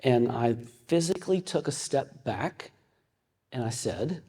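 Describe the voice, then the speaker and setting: Husky man teaching in a reverberant hall. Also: medium pitch, lively intonation, warm tone. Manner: conversational, halting with frequent restarts. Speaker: ministry teacher. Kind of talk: teaching talk with personal stories. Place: meeting room with an audience.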